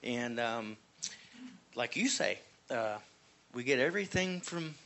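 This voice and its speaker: A man's voice: mid-range voice, lively intonation, takes it slowly, bright, forceful tone. Hesitant man speaking up in church. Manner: hesitant, full of fillers. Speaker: congregation member. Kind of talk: casual comment in group discussion.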